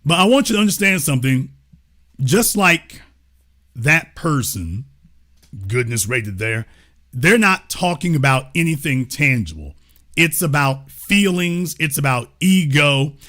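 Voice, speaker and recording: A man's voice: on the high side, big pitch swings, measured pace, fairly bright tone. A man hosting a livestream political commentary show, talking in a mocking, sarcastic way. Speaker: show host.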